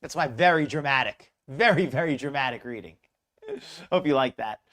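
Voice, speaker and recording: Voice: mid-range voice, animated, normal speed, fairly bright tone. A host of a live commentary show who talks in a rambling, chatty way and greets viewers in the chat. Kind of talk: casual live-stream commentary.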